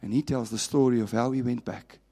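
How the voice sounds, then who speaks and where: A man preaching a sermon as a pastor, telling stories with passion and dropping from raised to hushed. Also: medium pitch, fairly even intonation, brisk, gravelly. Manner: impassioned storytelling, swinging from raised to hushed. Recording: long reverb of a large hall.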